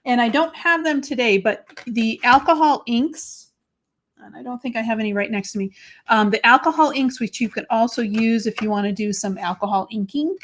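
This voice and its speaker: A woman's voice: on the high side, moderate pace, a bit bright, a little hiss or hum. A woman with a Boston accent hosts a live crafting demo, chatting and greeting viewers by name as she works. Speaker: crafting live-stream host.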